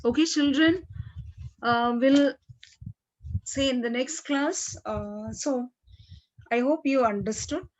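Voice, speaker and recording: A woman teacher explaining a play to her class, saying "okay" often and clearing her throat. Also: high voice, slow pace, pauses often. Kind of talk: classroom literature lesson. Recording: dull lo-fi recording.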